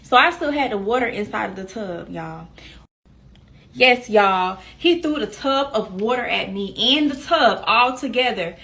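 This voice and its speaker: A young woman, telling a personal story in a casual, animated way and talking straight to her viewers. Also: on the high side, a little slow, far from the mic. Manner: animated, addresses viewers directly.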